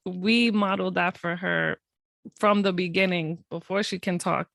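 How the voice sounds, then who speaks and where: Young woman, co-host, gravelly vocal fry, chatty and easygoing. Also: fairly low pitch, fairly even intonation, moderate pace, fairly bright tone, no room sound, studio quality. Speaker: podcast co-host. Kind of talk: casual conversation.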